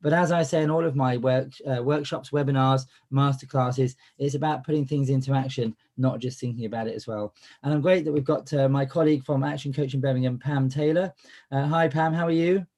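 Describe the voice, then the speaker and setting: A man's voice: mid-range voice, fairly even intonation, fairly quick, darkish tone. A man with a cold and a cough, hosting a business coaching webinar in a chatty style full of fillers and restarts. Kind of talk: live webinar presentation.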